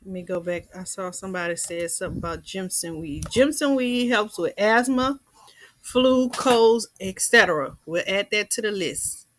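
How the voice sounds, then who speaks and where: A woman's voice: mid-range voice, expressive, normal speed, no room sound, low-quality recording. A woman hosting a casual livestream, chatting, reading viewer comments aloud and laughing often. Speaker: livestream host.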